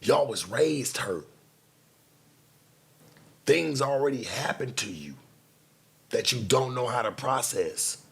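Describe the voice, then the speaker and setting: A man hosting a late-night show, talking in a blunt, profane casual monologue with sudden loud outbursts. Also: medium pitch, lively intonation, slow pace, creaky, pauses often, slightly rough.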